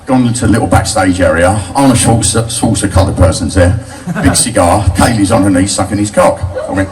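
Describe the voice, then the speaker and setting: Cheeky older comic, crude live storytelling. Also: male voice, medium pitch, expressive, fast, background noise. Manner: crude, cheeky, laughing at his own jokes. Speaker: comedian telling stories to a bar crowd. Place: bar with a live crowd. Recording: distant mic, loud crowd.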